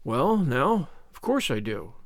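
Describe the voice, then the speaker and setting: Man voicing gentle old farmer, coaxing, hesitant, lowered voice, dry recording. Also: very animated, slow, no echo.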